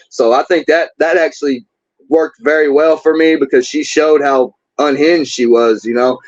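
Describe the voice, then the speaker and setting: A man's voice: on the high side, steady tone, normal speed, no echo. A man telling his story as an interview guest, candid and rambling, often repeating words. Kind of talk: casual storytelling. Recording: dull lo-fi sound.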